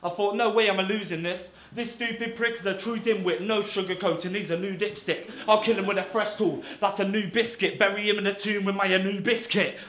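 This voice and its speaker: A man's voice: sits high, fairly even intonation, fairly quick, hardly any pauses, a bit bright. A man from England performing brash, insulting rap battle verses, swearing heavily. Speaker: battle rapper. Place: indoor battle venue. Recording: roomy echo.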